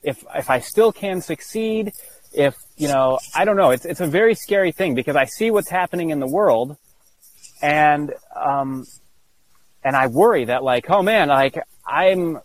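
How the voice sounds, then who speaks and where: A man as an interview guest, telling a personal story earnestly, halting with many restarts and fillers. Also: on the high side, expressive, dry recording, poor audio.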